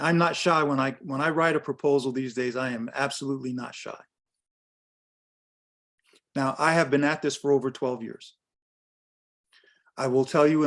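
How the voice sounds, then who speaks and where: A man in his sixties giving a workshop as a business coach, emphatic and direct, repeating his key phrases. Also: mid-range voice. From United States. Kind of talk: workshop talk on pricing.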